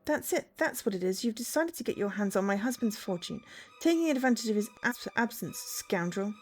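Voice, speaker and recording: A woman voicing an indignant young noblewoman, reading her lines aloud in a shrill, accusing way. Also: expressive, fast, a little mellow, soft background music, natural voice. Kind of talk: reading a visual novel aloud on stream.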